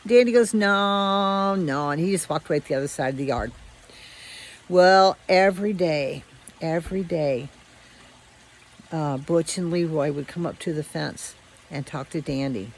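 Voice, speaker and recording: A woman telling a children's story aloud in a relaxed, conversational way with frequent restarts. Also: deep voice, moderate pace, long pauses, husky, low-quality recording. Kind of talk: casual oral storytelling.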